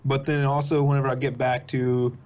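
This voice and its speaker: A young man, talking as a podcast guest in casual chat, telling animated stories in quick bursts. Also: medium pitch. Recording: dull lo-fi sound.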